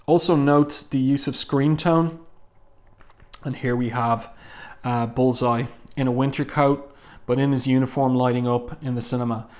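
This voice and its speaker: A man's voice: medium pitch, steady tone, moderate pace, darkish tone. Enthusiastic man reviewing comics casually. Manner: enthusiastic, conversational, with frequent ums.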